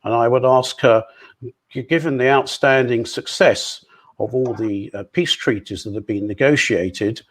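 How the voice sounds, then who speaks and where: A man giving a measured, formal answer as a candidate at a community election hustings. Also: mid-range voice.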